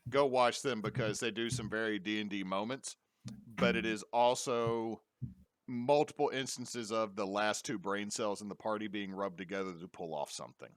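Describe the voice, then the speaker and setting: A man's voice: on the low side, moderate pace, dry recording, clean studio sound. A young adult man talking casually from home over a call mic, recommending films with enthusiastic jokes. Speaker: podcast co-host. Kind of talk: casual chat. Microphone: remote call mic.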